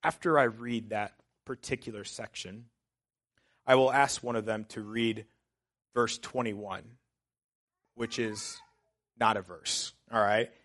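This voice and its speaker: A man's voice: lowish voice, steady tone, takes it slowly, long pauses. Man, pastor, sermon, conversational, sarcastic asides, emphatic urging. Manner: conversational, self-described sarcastic, builds to loud emphatic exhortation.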